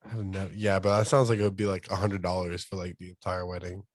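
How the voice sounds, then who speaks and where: A man's voice: low voice, level tone, fast. A young man co-hosting a podcast, asking questions and teasing his co-host in casual chat.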